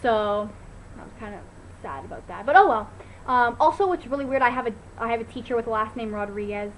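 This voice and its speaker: A teenage girl vlogging at home into her laptop, telling a story in an animated, chatty way full of "like" and fillers. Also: a little high, brisk, slight background noise, rough recording. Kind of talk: casual chat to camera. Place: at home, indoors.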